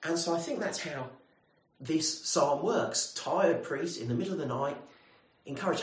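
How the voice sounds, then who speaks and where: Man, preacher, sermon, conversational, animated pitch, echoey room. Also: measured pace. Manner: lively, conversational, asks the congregation questions.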